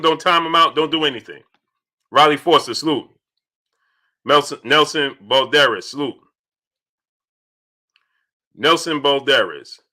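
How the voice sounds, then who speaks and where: A young man hosting a casual live stream, reading viewer chats aloud and answering them in an animated way that repeats itself. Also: on the high side. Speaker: livestream host reading super chats. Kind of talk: casual livestream chat.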